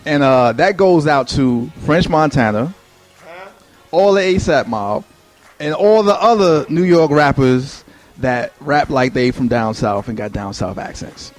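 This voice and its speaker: A man's voice: medium pitch, expressive, a little slow, faint music behind. A man hosting a radio show and presenting awards, arguing with sarcastic remarks. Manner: sarcastic, argumentative. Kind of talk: casual radio banter.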